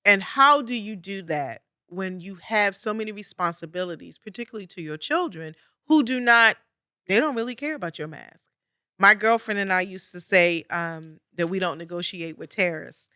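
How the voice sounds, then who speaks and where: A woman's voice: mid-range voice, moderate pace, bright, forceful tone, no echo, clean studio sound. A middle-aged woman hosting a podcast, giving conversational advice with emphatic repetition and frequent light laughs. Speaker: podcast host. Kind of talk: conversational coaching monologue.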